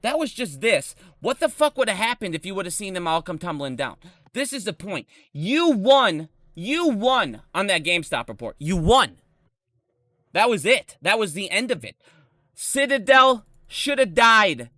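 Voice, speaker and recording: A man in his thirties rants angrily on a live stream, swearing constantly at normal speed, his high voice swinging wildly up and down in pitch. His tone is bright and edgy, and the recording is dry and close.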